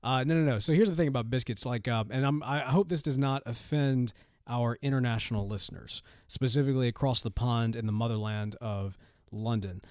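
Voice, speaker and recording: A man's voice: medium pitch, fairly quick, darkish tone, no room sound, clean studio sound. Rambling man on a casual podcast. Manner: rambling, self-correcting storyteller. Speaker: podcast co-host. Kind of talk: casual chat.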